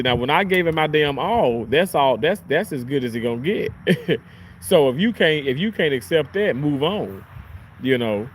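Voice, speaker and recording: A man's voice: a little high, normal speed, a little hiss or hum. Chatty young man telling work stories. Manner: animated, chatty, swears casually. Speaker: surgical tech. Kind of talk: casual vlog storytelling.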